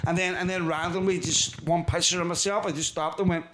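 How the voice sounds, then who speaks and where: A man's voice: high-pitched, steady tone, normal speed, crowd noise. A man hosting a comedy podcast, telling a story in a casual way, swearing freely and acting out his own reactions. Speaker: podcast host.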